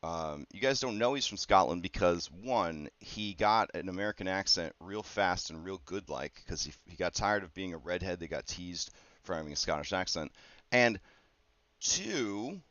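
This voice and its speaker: A man working as a game master, talking casually through his campaign prep in a rambling, conversational way with many fillers and quick asides. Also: low-pitched, lively intonation, fairly bright tone, no room sound. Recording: dull, dry lo-fi recording.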